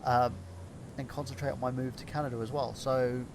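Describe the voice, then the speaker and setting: A young man with a gravelly, fry-heavy voice chats loosely on a podcast. He swears freely and wanders between topics. A steady rumble and noise sit under the recording. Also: a little fast. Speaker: podcast co-host. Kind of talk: casual banter.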